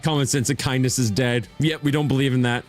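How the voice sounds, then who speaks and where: A young man hosting a casual livestream chat, animated and jokey, who laughs often and swoops his voice up when greeting viewers. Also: medium pitch, quick pace, faint music behind. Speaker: streamer host.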